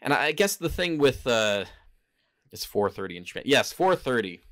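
A man's voice: mid-range voice, very animated, normal speed, a bit bright. A man hosting a casual solo podcast, rambling and hesitant, often stopping to correct himself. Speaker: podcast host. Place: home in Japan.

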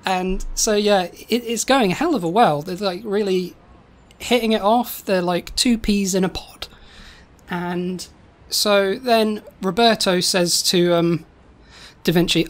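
A woman co-hosting a comedy podcast, telling a silly story in a rambling, halting way with many repeated words. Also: mid-range voice. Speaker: podcast co-host.

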